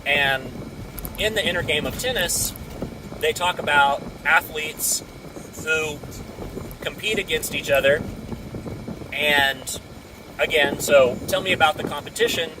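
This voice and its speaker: A man's voice: on the high side, measured pace, long pauses, recorded from a distance, noisy background. A man talking through a business idea in a loose, thinking-aloud way, often restarting his sentences. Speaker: speaker sharing a business idea. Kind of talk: casual thinking-aloud monologue.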